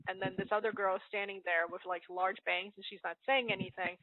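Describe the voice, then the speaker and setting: A woman's voice: medium pitch, a little fast, no echo. A woman casually reading a comic aloud, giggling and stumbling over the lines as she goes. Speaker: host. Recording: tinny phone-like dry audio.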